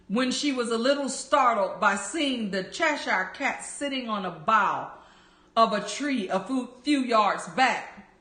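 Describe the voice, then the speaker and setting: A woman reading a bedtime story aloud, narrating slowly and gently. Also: on the high side, expressive. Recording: roomy echo.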